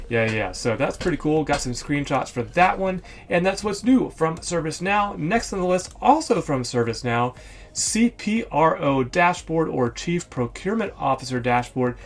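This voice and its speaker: A man hosting a casual screen-share walkthrough, chatty and thinking aloud, correcting himself often with ums. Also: a little high. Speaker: host of a software store review show.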